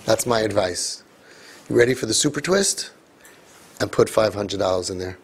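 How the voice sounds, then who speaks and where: A man with a gravelly, fry-edged voice gives a parenting talk to a live audience. His tone is husky and a little rough. He jokes and throws in quick asides to the room. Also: on the low side, expressive. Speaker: parenting coach.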